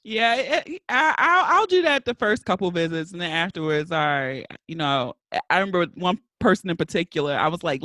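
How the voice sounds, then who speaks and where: A woman's voice: lowish voice, animated, a little fast, few pauses, sharp tone, no echo, clean studio sound. A woman hosting a podcast, chatting candidly and frankly in casual conversation, laughing often. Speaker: podcast host. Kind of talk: casual chat.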